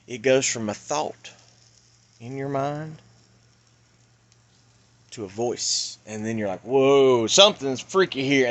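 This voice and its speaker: A man delivering an urgent, pleading monologue that swings between loud outbursts and hushed warnings. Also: mid-range voice. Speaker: vlogger. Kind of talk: impassioned monologue.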